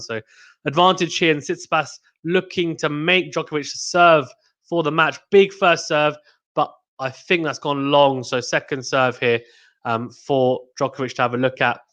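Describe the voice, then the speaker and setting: A man hosting a live tennis watchalong stream, giving excitable play-by-play commentary and reading out viewer chat. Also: on the high side. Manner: excitable, rising to exclamations on big points; reads out chat messages to viewers.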